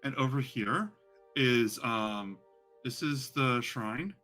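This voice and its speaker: A man's voice: mid-range voice, takes it slowly, sharp tone, soft background music. A man voicing a chatty young woman guide who rambles and is lovestruck. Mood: rambling. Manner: rambling, full of "like" fillers.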